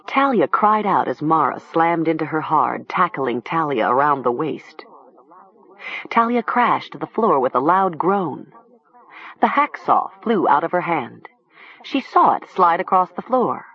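A narrator reads a horror story aloud with unhurried, expressive pacing and a lively, wide-ranging pitch. The tone is husky, and the recording sounds dry and a little dull. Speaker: audiobook narrator.

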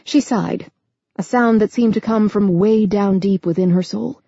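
A woman reading a novel aloud as an audiobook narrator, in a steady, even storytelling manner. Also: medium pitch, measured pace, gravelly, breathy edge, no echo, dull audio.

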